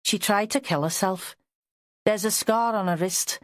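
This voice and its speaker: A woman's voice: mid-range voice, measured pace, no echo, studio quality, pitched above the performer's own voice, lightly acted. A woman reading an audiobook, voicing an anxious, devoted Liverpool husband with a weedy voice. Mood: worried.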